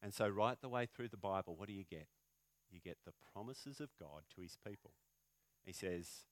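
A man preaching a sermon in a fairly low voice, talking to his congregation as if in conversation and tossing in rhetorical questions. He swings from loud, emphatic lines down to quiet, hushed ones. The sound is dry and close, with little room echo. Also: moderate pace. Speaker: pastor.

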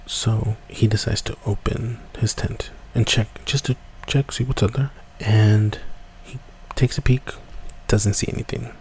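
A man casually telling a spooky woods story, rambling and dropping to hushed whispers at tense moments. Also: fairly low pitch, measured pace, few pauses, slight background noise. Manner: relaxed, rambling, drops to hushed whispers for tension. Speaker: podcast storyteller.

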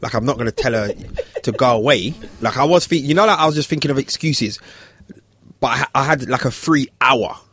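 Man telling an animated story. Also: fairly quick, husky. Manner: animated, acts out voices in high pitch. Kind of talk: casual storytelling chat.

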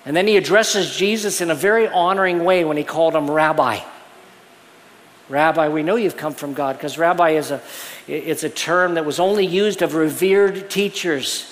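A male pastor preaches in an earnest, explaining way, backing up and restarting phrases as he works through his point. His voice sits a little high for a man. The sound carries the long reverb of a church hall. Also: moderate pace. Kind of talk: sermon. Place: church sanctuary.

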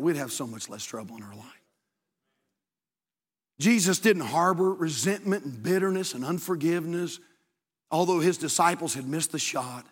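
A man preaching a sermon as pastor, swinging between shouted, climbing exhortation and hushed, low storytelling. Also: husky. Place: church sanctuary. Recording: long hall reverb.

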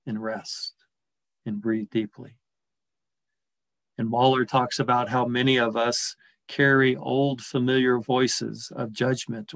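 A male pastor delivers a quiet, reflective sermon, often easing down to a soft, slow hush on the words that matter. His voice sits at an ordinary middle pitch, and the recording is dry and close, with no room sound around it. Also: vocal fry, no room sound, rough recording. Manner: gentle, reflective, slows and softens on key words.

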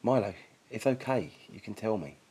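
A blunt young woman survivor, as a male reader puts her on, pitched well above his own voice with a breathy edge. She asks straight questions and teases, in a storybook reading. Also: animated, normal speed, mellow. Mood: gentle.

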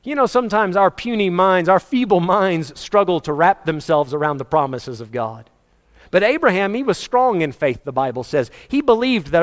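A man's voice: high-pitched, expressive, moderate pace. A male pastor preaching a sermon, telling stories with emphasis. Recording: long hall reverb.

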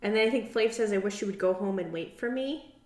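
A young woman co-hosting a casual podcast, chatty and quick to laugh, acting out quotes. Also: medium pitch. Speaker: podcast co-host. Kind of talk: casual chat recapping a reality show. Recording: roomy echo.

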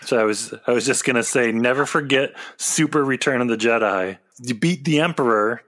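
A man's voice: mid-range voice, a little fast, fairly bright tone. A man co-hosting a casual podcast chat, playful in tone and moving the conversation on to the next topic. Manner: playful, moves the show along. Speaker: podcast co-host.

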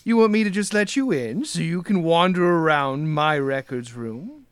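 A man's voice: a little high, lively intonation, moderate pace, smooth, no echo, natural voice. A man voicing an older woman who runs a records room, sweetly polite on the surface but shrewd and probing. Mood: sly. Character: older woman records clerk, sly and guarded.

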